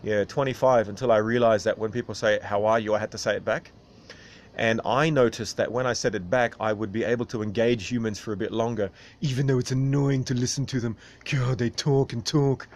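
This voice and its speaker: A man's voice: mid-range voice, fairly even intonation, a little fast. Rambling man talking to viewers. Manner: rambling, tags sentences with "right?". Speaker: video host. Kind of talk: casual monologue to viewers.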